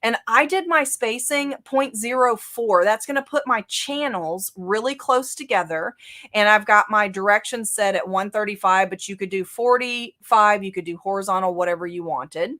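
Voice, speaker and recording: A software instructor with a Southern US accent runs a live lesson, clicking through each step while thinking aloud in a casual, conversational way. She drops in "um"s and "okay"s, speaking at medium pitch and a moderate pace.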